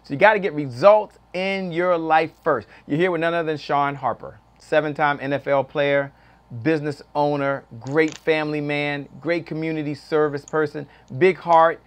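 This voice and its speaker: A man hosting a talk show, energetic and emphatic, often repeating his words. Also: a little high, normal speed. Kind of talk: upbeat interview hosting.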